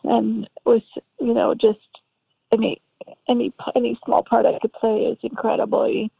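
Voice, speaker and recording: A woman's voice: fairly high pitch, level tone, normal speed, gravelly, husky, no room sound. A woman who created a TV show, chatting as an interview guest, thoughtful and repeating words as she searches for how to say things. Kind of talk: casual conversation. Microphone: phone or call line. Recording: tinny phone-line audio.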